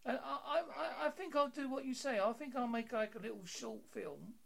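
A man's voice: very high voice, brisk, vocal fry. A British man hosting an interview, chatting in a jokey, easygoing way with frequent stammered restarts. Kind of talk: casual interview chat.

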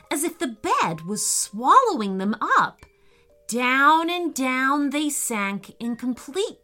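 Storyteller: woman, slow, bright, expressive reading over faint music. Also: a little high. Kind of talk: children's story narration.

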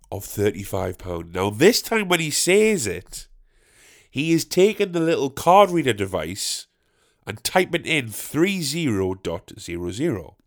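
A man's voice: mid-range voice, a bit bright. A young man, telling a sweary, self-mocking comic story as a podcast host. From northeast England. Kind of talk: comedic storytelling monologue.

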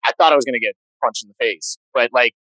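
A man co-hosting a podcast, telling stories in casual chat, animated and swearing freely. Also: mid-range voice, fast talker, no echo, low-quality recording. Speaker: podcast co-host.

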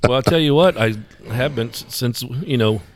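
A man's voice: mid-range voice, normal speed, slight background noise. A man co-hosting a casual trucking podcast, telling folksy, rambling stories with lots of restarts. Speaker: podcast co-host. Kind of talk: casual chat.

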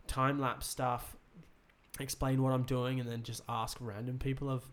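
A young man, hosting a casual podcast chat, excitable and swearing freely as he retells stories. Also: mid-range voice, normal speed. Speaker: podcast host.

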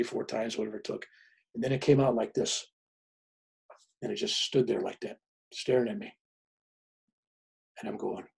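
Husky older man telling a story. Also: mid-range voice. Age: 70s. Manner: animated, chuckling storyteller. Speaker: guest, spiritual author. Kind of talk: casual storytelling.

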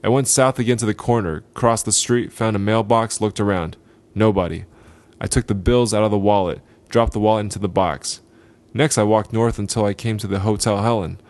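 A man reads a gritty short story aloud, taking his time over each line. His voice is fairly low and steady, with a deliberate, unhurried delivery. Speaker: podcast host.

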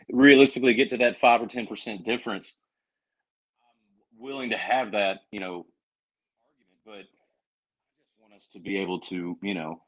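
A man's voice: fairly low pitch, fairly bright tone, rough recording. A man with a Southern accent, a podcast guest talking in an earnest, rambling way with many restarts. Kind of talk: casual podcast chat.

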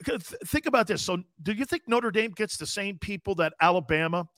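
A man co-hosting a sports talk show, casual and animated, slangy and storytelling. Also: sits high, a little fast, no room sound. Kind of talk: casual sports radio chat.

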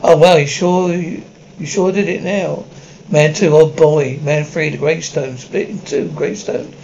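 A man reads a whole episode script aloud, stage directions and every part in the same plain, unacted voice. His pitch is a bit high for a man and his delivery trips over words. A faint hiss runs underneath. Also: fairly even intonation, normal speed, vocal fry, darkish tone, dull audio. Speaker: script reader.

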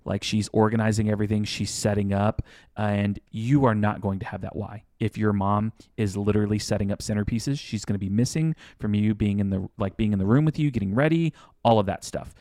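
Mellow-voiced man on a wedding podcast. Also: on the low side, brisk, dry recording, studio quality. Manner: rambling, self-correcting, animated hypotheticals. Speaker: podcast co-host. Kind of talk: casual podcast chat.

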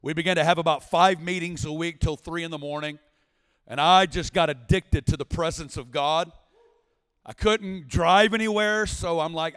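A man in his forties from Arkansas, a guest preacher telling his testimony in a lively, storytelling way, breaking into shouts now and then, with long reverb from a big church hall. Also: fairly high pitch, normal speed, clear, resonant tone. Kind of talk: sermon testimony. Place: large church sanctuary.

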